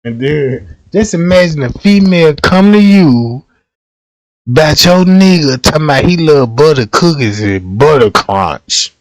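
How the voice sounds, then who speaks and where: A man's voice: on the high side, animated, a little slow, no room sound. A man hosting a livestream, telling comic stories in casual slang, laughing often and acting out the people he quotes. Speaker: livestream host.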